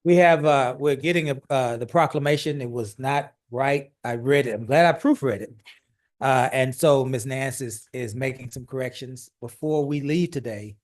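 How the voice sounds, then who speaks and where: A man presiding over a city council session at a podium microphone. He speaks in an average-pitched voice, earnest and measured, and often pauses on "uh" as he gives formal remarks or reads a proclamation into the chamber. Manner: measured and earnest, frequent "uh" fillers. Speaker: mayor chairing a city council meeting.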